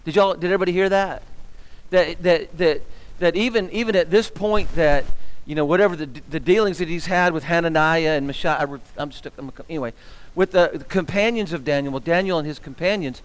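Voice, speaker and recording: A man's voice: a little high, a little fast, clear, resonant tone. A man teaching a Bible class as minister, quizzing the room and getting fired up as he talks. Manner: animated, asks the room questions, gets fired up. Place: church hall. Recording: long echo of a church hall.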